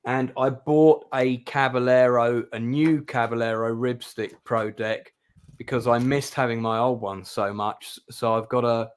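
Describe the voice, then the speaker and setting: A man's voice: medium pitch, steady tone, measured pace, smooth. Rambling middle-aged man on a call. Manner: rambling, hesitant, many ums. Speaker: host. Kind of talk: casual chat on a live stream. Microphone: video call.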